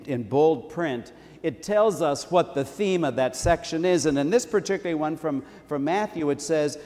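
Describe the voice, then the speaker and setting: A man's voice: fairly high pitch, a little mellow, long reverb tail. A man preaching a sermon in a church in a conversational tone, repeating key phrases for emphasis.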